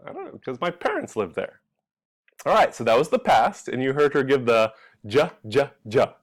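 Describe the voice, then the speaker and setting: A young man from California teaching English pronunciation, talking slowly and clearly and drawing out the example sounds. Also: mid-range voice, very animated. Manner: drawn-out, exaggerated sounds when modeling examples.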